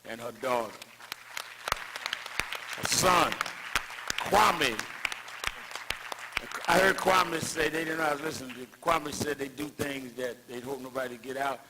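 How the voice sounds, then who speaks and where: A man's voice: mid-range voice, background noise. An older man giving a rousing tribute speech at an event, building emphatic, preacher-like cadences around anecdotes. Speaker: speaker at a civil rights tribute.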